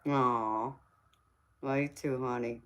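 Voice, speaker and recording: A woman's voice: very deep voice, fairly bright tone. A woman with a Southern US accent, a tarot reader hosting a casual livestream chat, teasing viewers and calling them baby.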